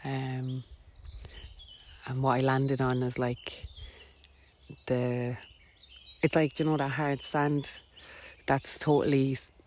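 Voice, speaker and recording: A woman's voice: extremely low pitch, level tone, takes it slowly, pauses often, darkish tone, a little hiss or hum. A woman with an Irish accent, a podcast guest telling a personal story in a rambling, filler-heavy way with frequent laughs. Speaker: podcast guest, wellness coach.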